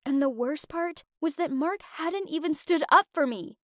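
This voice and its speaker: A young woman telling a first-person story with expressive, emotional delivery. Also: sits high, measured pace, few pauses, no echo, studio quality. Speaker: narrator.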